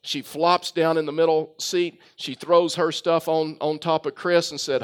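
A man's voice: on the high side, fairly even intonation, unhurried, few pauses, clear, resonant tone. A man preaching a sermon, telling a story with frequent fillers and restarts. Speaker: pastor.

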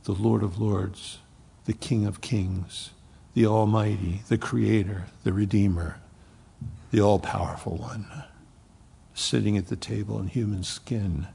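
A man preaching a sermon, swinging from loud emphasis to hushed near-whispers. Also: on the low side, steady tone, slow, pauses often, in a large hall. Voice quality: gravelly, husky voice. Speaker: pastor.

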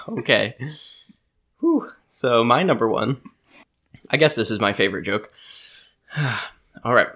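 Lively, bright-voiced podcast guy. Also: mid-range voice, slow, pauses often, slightly rough. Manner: laughs often, lively storytelling. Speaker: podcast co-host. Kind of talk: casual joke-telling chat.

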